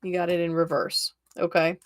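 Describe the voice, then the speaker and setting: A woman's voice: lowish voice, flat delivery, moderate pace. A woman reading tarot cards on a live stream, chatty and reassuring, often checking in with "okay?" and laughing easily.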